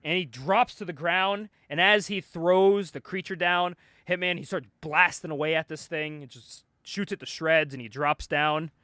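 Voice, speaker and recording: A man hosting a podcast, casually retelling a comic book story with animated energy, frequent laughs and swearing. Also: on the high side, moderate pace, hardly any pauses, no room sound. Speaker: podcast host recapping a comic. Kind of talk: casual chat.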